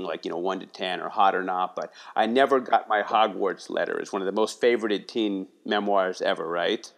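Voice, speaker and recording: A man from the Philadelphia area talking casually in an interview, rambling with many restarts and tags like "you know" and "right". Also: on the low side. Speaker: guest, writing workshop leader.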